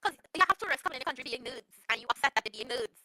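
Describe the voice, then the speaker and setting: A woman's voice: high voice, animated, rapid-fire, a crowd in the background. A woman joining casual stream banter with wry comments.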